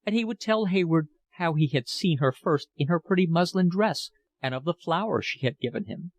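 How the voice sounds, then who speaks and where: A man narrating a novel as an audiobook in a measured, expressive reading. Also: on the high side, no room sound.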